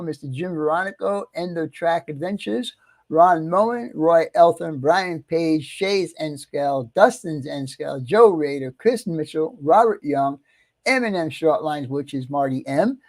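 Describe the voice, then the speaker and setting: A middle-aged American man hosting a casual livestream, chatty and easygoing, greeting viewers one by one and clearing his throat often. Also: fairly high pitch, a little slow. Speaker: livestream host.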